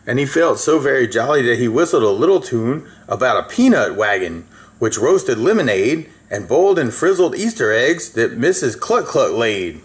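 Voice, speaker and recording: A man's voice: mid-range voice, sing-song, moderate pace. A man reading a children's story aloud in a folksy way, with asides to the listener.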